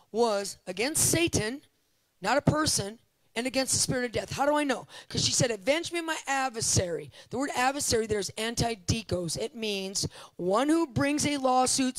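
Woman preacher, middle-aged, animated storytelling, emphatic repeats, dry sound. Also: a little high, no echo, low-quality recording. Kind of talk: conference sermon with testimony.

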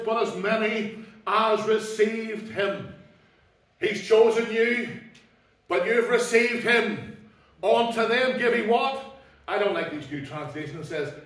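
A man preaching an emphatic sermon in a high, ringing voice. He swings between loud declarations and hushed asides. He is picked up from a distance, with heavy echo off the church walls. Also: takes it slowly. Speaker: pastor. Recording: echoey church hall, mic at a distance.

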